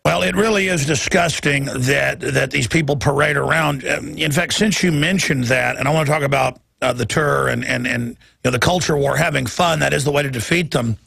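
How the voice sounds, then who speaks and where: A man hosting talk radio, his gravelly voice sharp and forceful. He talks in rapid, halting bursts, repeating words as he pushes on. The studio sound is dry and close. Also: mid-range voice, no room sound. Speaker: radio talk show host.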